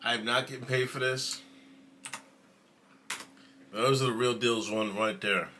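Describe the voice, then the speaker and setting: Another casual livestream from a streamer host: loose, rambling storytelling full of laughs and profanity, occasionally dropping almost to a whisper. His mid-range voice stays fairly even, a little slow, bright and forceful, over slight background noise.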